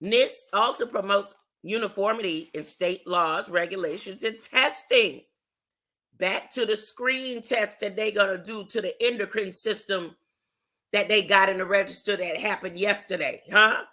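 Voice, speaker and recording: A religious commentator talks casually and emphatically on a livestream, often throwing out "huh?" to the audience. Documents are read aloud slowly, broken up by slangy asides. The voice has a bright, sharp edge at a middling pitch.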